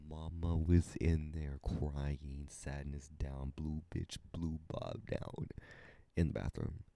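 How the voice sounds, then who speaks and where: A young man hosting a podcast, telling a story in a casual, animated and profane way, dropping into whispers at times. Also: a bass voice, takes it slowly, vocal fry, no echo. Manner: animated, profane, dramatic retelling with sudden whispers. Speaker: podcast host.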